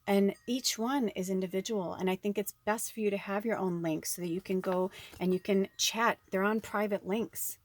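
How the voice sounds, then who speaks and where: Woman card reader, casual and rambling, mid-pitched voice, dry close sound. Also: fairly even intonation, normal speed, few pauses, no echo. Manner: rambling, chatty, swears casually. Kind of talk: casual spiritual chat.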